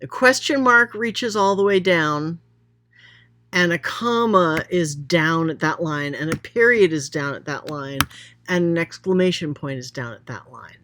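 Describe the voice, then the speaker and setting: Slow, lively-voiced woman teaching grammar. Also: deep voice, a little hiss or hum. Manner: chatty, thinking aloud while pointing at examples. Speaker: writing teacher. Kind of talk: explaining a grammar lesson.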